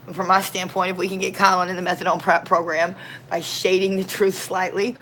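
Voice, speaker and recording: A woman's voice: on the low side, a little fast, slight background noise, low-quality recording. Folksy woman street minister telling stories. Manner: folksy, slangy, animated. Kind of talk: casual storytelling.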